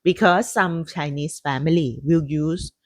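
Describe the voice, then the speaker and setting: A woman from Thailand with a Thai accent, a native Thai speaker, co-hosting a casual podcast chat in a soft, halting way as she searches for words. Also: deep voice, dry recording. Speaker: podcast co-host.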